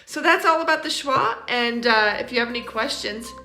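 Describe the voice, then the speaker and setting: A woman teaching English pronunciation in a recorded lesson, saying each example word slowly and then repeating it for learners. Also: a little high, bright, forceful tone, roomy sound, soft background music. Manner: slow, deliberate, repeats model words for learners.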